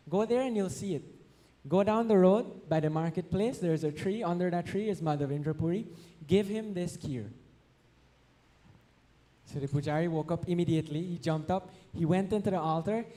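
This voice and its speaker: A man preaches at a temple festival with a lively, storytelling delivery. His voice sits a little high but sounds mellow and soft-edged. He acts out the characters and slips into chanted verses as he goes. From Guyana. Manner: animated storyteller acting out voices, sings verses. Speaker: devotional speaker. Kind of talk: storytelling sermon. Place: temple hall.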